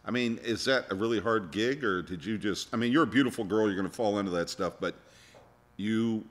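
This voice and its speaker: A man's voice: lowish voice, fairly quick. A man hosting a podcast in casual chat, ribbing the others and swearing. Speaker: podcast host.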